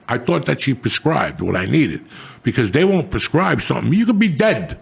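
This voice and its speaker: Gravelly older man, profane storyteller. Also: mid-range voice, a little fast. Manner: swearing, animated, rising to loud outbursts. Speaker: comedian, show guest.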